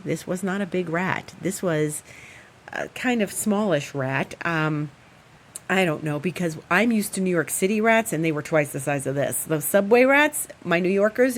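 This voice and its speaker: A woman astrologer host, at home, telling a story in a casual, animated and rambling way with fillers. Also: on the low side. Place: at home, indoors.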